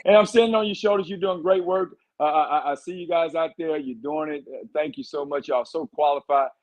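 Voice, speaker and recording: A man's voice: a little high, a little fast, poor audio. A man, a candidate for governor, giving fired-up, rambling answers in a podcast interview. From Texas. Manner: fired-up, rambling campaign talk.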